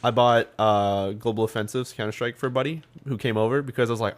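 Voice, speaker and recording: A man's voice: mid-range voice, fairly even intonation, fast talker, few pauses. A man co-hosting a gaming podcast, telling stories animatedly in casual chat and swearing freely. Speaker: podcast co-host.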